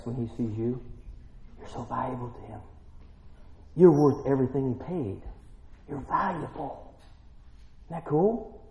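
A man preaching a sermon, emphatic and full of rhetorical questions, building to excited peaks. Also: medium pitch, moderate pace. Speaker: pastor. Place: church. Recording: roomy church, dull lo-fi sound.

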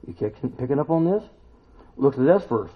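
A man preaching a sermon, emphatic and full of rhetorical questions, now and then climbing to loud exclamations. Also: mid-range voice, expressive, moderate pace, breathy edge. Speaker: pastor. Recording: tinny phone-like recording.

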